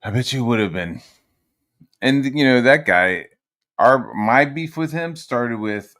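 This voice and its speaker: A man's voice: on the low side, moderate pace, fairly bright tone. A man hosting a livestream, ranting in a casual, meandering and profane way, full of sarcasm. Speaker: livestream host.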